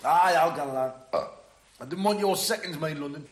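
An actor playing a blunt, crude builder in a television drama. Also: male voice, on the high side, moderate pace, close to an everyday voice. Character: loud crude Geordie builder, man, adult. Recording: roomy TV audio.

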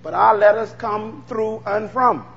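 A man's voice: high voice, fairly even intonation, measured pace, creaky, a bit bright, in a large hall, dull audio. A Bahamian man preaching a fervent sermon, calling out to the congregation for responses.

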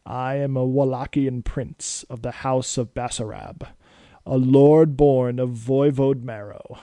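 A man voicing Dracula, a weary, formal old vampire nobleman who speaks slowly and courteously. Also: medium pitch, fairly even intonation, mellow, no room sound, lightly acted. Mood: grand. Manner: slow, formal, courtly speech.

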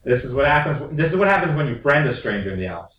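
A man's voice: mid-range voice, very animated, quick pace, recorded from a distance, muffled recording, a little hiss or hum. A man co-hosts a loose podcast chat, teasing his friends and swearing now and then. His voice sits in a middle range for a man. It has a roomy echo and sounds set back from the mic. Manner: joking, teasing, swears freely. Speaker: podcast co-host. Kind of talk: casual chat.

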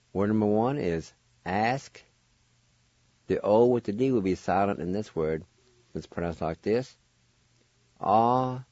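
Male radio language teacher, low voice, spells it all out slowly, dull lo-fi sound, dry. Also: dark tone, no echo. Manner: deliberate, spells syllable by syllable, repeats. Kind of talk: slow instructional spelling and pronunciation.

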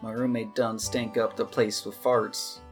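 A man's voice: lowish voice, flat delivery, unhurried, faint music behind, lightly acted. A man voicing a gloomy cowboy card player in a tavern, with a folksy drawl. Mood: mopey.

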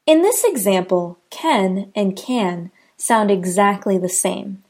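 A woman with an American accent teaching a scripted pronunciation lesson, enunciating example sentences slowly and carefully. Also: mid-range voice, lively intonation, warm tone.

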